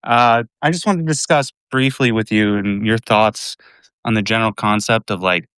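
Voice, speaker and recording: A man's voice: lowish voice, normal speed, fairly bright tone, clear, resonant tone, dry recording. A man calling in to a live show, rambling through his question with many restarts. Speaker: caller. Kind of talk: casual call-in chat.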